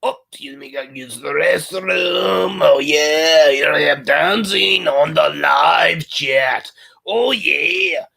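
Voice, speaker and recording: A man putting on an impression of a crude, boisterous male film character during a livestream, loud and hooting. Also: fairly high pitch, slow, creaky, pitched above the performer's own voice, full character voice. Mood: rowdy gloating. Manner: loud, hooting, sing-song.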